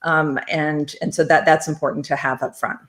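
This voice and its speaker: A woman's voice: sits low, steady tone, normal speed. A woman who co-hosts as a real estate agent, agreeing readily with her partner and adding points in a casual live-stream chat. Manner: agreeable, frequent short affirmations. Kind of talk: live-streamed advice talk.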